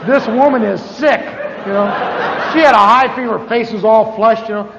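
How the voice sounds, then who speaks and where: A man's voice: high-pitched, moderate pace, gravelly, a crowd in the background, noisy background. A man preaching a sermon as a pastor, telling stories with self-mocking humor. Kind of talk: storytelling sermon. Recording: dull lo-fi recording with long hall reverb.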